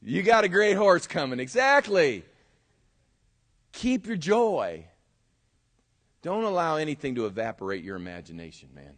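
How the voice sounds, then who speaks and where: A man preaching a sermon as pastor and telling a story, swinging from loud emphasis to quiet asides. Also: fairly high pitch, very animated, moderate pace, pauses often.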